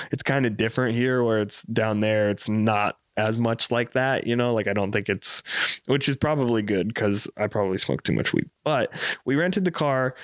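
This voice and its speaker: Man with a smooth, dry voice. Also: medium pitch, dry recording. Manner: rambling, profane, with lots of fillers. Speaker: podcast host. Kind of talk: casual comedic storytelling.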